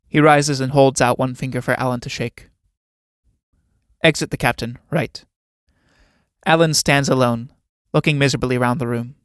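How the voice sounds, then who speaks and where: A man reading a play aloud, giving the stage directions in an even, matter-of-fact way. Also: medium pitch, normal speed, pauses often, smooth, no room sound, clean studio sound.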